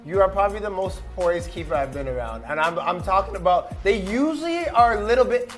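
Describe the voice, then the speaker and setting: A man with a fairly high voice chatting loosely and playfully about soccer, laughing along with the panel. Music plays clearly underneath. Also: animated, brisk. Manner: easygoing, playful, laughs often. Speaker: soccer analyst and former player. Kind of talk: casual studio panel talk.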